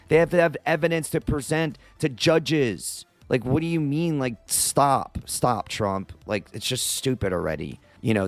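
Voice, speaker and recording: A man's voice: mid-range voice, no room sound. A young man giving casual, exasperated opinion commentary as a channel host, rambling and leaning hard on filler words. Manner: exasperated, rambling, heavy use of "like".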